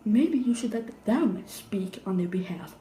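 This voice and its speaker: A woman's voice: mid-range voice, expressive, measured pace, mellow, roomy sound, a little hiss or hum, poor audio. A woman delivering an improvised, sarcastic and emphatic rant to camera, lecturing in a pointed tone. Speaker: vlogger.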